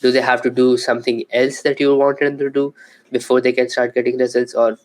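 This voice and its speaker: A man's voice: mid-range voice, flat delivery, a little fast, darkish tone, low-quality recording. A man hosting a podcast, asking questions in a casual way, with lots of "like" and "um". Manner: questioning, hedging with "like" and "um". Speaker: podcast host.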